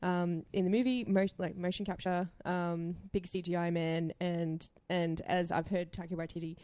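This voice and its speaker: A woman's voice: fairly low pitch, steady tone, normal speed, warm tone, dry recording. A woman co-hosting a film podcast in casual, easygoing and enthusiastic chat. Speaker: podcast co-host.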